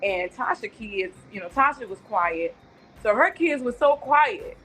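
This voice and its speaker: A woman's voice: fairly high pitch, expressive, measured pace, fairly bright tone, low-quality recording. Woman aunt, casual rambling recollection, video call, faint background noise. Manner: chatty, rambling, tender storytelling. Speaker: guest, aunt of the deceased. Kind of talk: casual remembrance on a talk show.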